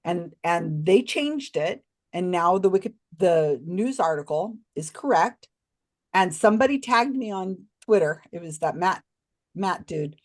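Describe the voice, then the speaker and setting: A woman guest on a podcast, telling a story expressively with many restarts and asides. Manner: expressive, swings pitch widely when recounting others; talks in quick restarts and asides. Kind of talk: animated storytelling in a casual interview.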